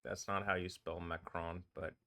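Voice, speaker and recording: A man's voice: low voice, flat delivery, normal speed, creaky, bright, forceful tone. A man rambling and swearing on a live stream, often breaking into laughter. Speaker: livestreaming DJ.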